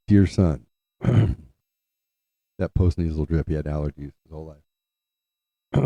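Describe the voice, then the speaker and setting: A very low, dark-toned man tells a family story in a loose, meandering way, restarting sentences and clearing his throat now and then. The sound is dry and a little dull, as if recorded on modest gear. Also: no room sound. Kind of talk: casual storytelling.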